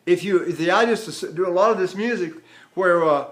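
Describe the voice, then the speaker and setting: Brief: older male tenor coach, high speaking voice, animated teaching, drops into song to demonstrate. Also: quick pace. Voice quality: trained tenor voice. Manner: animated, breaks into sung phrases. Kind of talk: vocal lesson with sung demonstrations.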